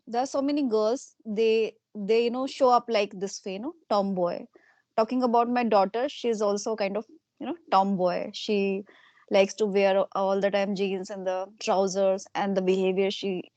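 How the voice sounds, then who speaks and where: A middle-aged woman, interviewing in a casual way and softly repeating short acknowledgements. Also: medium pitch, dry recording, muffled recording.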